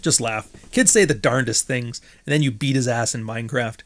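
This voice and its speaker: Speaking at normal speed with few pauses, the man's medium-pitched voice carries his podcast story. The monologue is casual, profane and sardonic, full of laughter and acted-out quotes from others.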